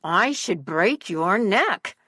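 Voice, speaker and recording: A woman's voice: mid-range voice, expressive, pushed and bright, slightly rough, full character voice. A woman voicing a grumpy, sleepy male dragon who drags out his threats. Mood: irritated, surly. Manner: surly, drawn-out threats.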